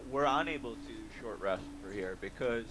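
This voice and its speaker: A man's voice: fairly low pitch, normal speed, background noise. A man narrating as game master over voice chat, hesitant with many filler sounds. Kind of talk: narrating a tabletop game online.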